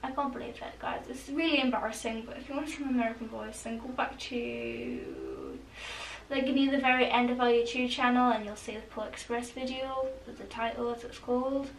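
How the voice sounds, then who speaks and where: High-voiced chatty teen girl. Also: steady tone, fast talker, hardly any pauses, a little hiss or hum. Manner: rambling, chatty, full of "like" and "honestly". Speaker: vlogger. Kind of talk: casual talk to camera. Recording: echoey room, mic at a distance.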